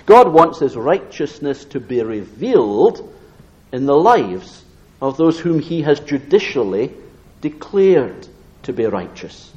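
A man delivering an expository sermon in a somewhat high voice. He speaks with emphasis, lifting his tone as he reads scripture and drawing out the phrases that matter most. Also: sing-song, a little mellow, dull audio. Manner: emphatic, slows down to stress key phrases; reads scripture aloud in raised tone. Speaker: preacher.

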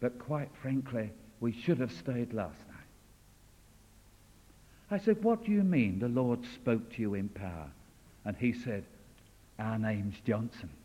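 A man preaching a sermon with fervent delivery, swinging from loud declarations to hushed, intimate lines. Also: medium pitch, expressive, a little slow, long pauses. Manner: fervent, rising and falling dramatically. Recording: dull sound in a long reverberant hall.

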